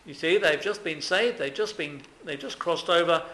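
A man's voice: a little high, normal speed, sharp tone. A man preaching a sermon, putting many rhetorical questions to his listeners. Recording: echoey room.

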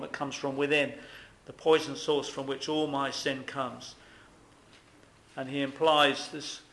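A man delivers a sermon from the pulpit, earnest and emphatic. His voice sits a little high and sounds bright and forceful. The church around him adds a roomy echo. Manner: earnest, emphatic, with rhetorical questions to the congregation. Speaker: preacher.

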